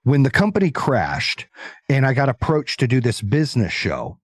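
A man telling stories as an interview guest, talking in an energetic, emphatic, animated way. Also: medium pitch, moderate pace, no room sound, studio quality. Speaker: podcast guest, entrepreneur. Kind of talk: casual interview storytelling.

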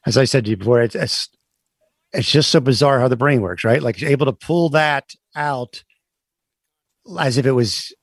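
A man co-hosting a casual talk show, speaking haltingly with many fillers. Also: mid-range voice, no room sound. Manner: halting, filler-heavy, laughs easily. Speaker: co-host. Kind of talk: casual chat.

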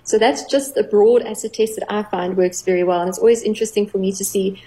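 A middle-aged woman, a clinical psychologist, explaining earnestly on a radio talk show, with gentle playful examples. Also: medium pitch, steady tone, quick pace, poor audio.

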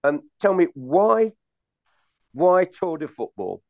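A man hosting a casual interview, speaking hesitantly with many pauses and fillers. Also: fairly high pitch, big pitch swings, creaky, no echo. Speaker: host. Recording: dry, muffled lo-fi audio.

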